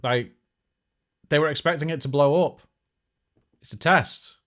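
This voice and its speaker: A man's voice: on the high side, measured pace, fairly bright tone. A man hosting a casual tech live stream, chatty and joking, with lots of fillers and restarts. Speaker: tech show host.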